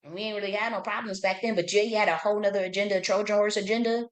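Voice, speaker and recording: A woman's voice: mid-range voice, fairly even intonation, very fast, roomy sound. A woman hosting a livestream, speaking bluntly and heatedly with lots of profanity and repeated words. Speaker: livestream host. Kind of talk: profane political commentary livestream.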